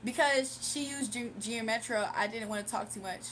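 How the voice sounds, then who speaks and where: High-voiced woman chatting on a livestream. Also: moderate pace, slight background noise. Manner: animated, laughs often, talks back to chat. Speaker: livestream host and tarot reader. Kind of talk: casual livestream chat.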